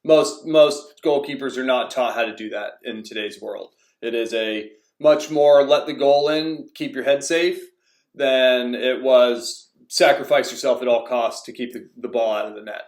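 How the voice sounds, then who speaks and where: A man's voice: medium pitch, a little slow. A young man telling personal stories in a rambling, casual way, full of fillers and restarts. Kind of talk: casual storytelling. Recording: echoey room.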